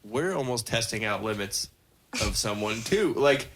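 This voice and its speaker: A man's voice: fairly low pitch, lively intonation, a little slow, fairly bright tone. A man on a podcast chatting casually, laid-back and profane, throwing in joking asides. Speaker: podcast guest. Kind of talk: casual chat.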